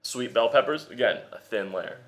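A man's voice: medium pitch, normal speed. A man co-hosting a casual talk show, eagerly listing facts and often restarting his sentences. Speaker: podcast co-host. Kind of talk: casual chat.

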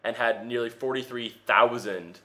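Brief: male co-host, casual chat, mid-pitched, eager and fact-heavy, restarts a lot. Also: moderate pace, sharp tone. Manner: eager, lists facts, frequent restarts. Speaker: podcast co-host.

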